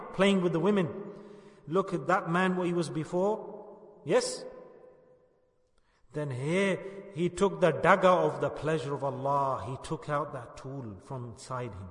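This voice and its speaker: A male preacher telling a moral story in a sermon, swelling loud on the lessons and dropping to a hush in the tale. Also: fairly high pitch. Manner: emphatic, rising loud on moral points, hushed in the story. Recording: echoey hall with long reverb.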